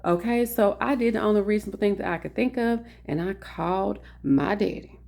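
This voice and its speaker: A woman vlogger telling a funny story in a casual, animated way, calling her viewers "honey" as she talks from an indoor office. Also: mid-range voice, a little fast, creaky.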